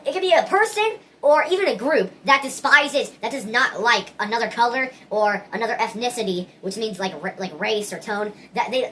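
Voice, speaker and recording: A woman talks straight to the camera in a casual opinion vlog, earnest and rambling, often stopping to restart her sentences. Her voice sits a little high and sounds bright and forward. A faint hiss runs underneath. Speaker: vlogger.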